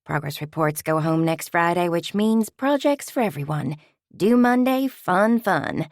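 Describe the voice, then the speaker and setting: A woman voicing a cheerful, busy mother who speaks in a brisk, wry way. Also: fairly low pitch, lively intonation, no room sound, clean studio sound. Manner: brisk, wry, slightly out of breath. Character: cheerful busy mother, loyal bookshop customer.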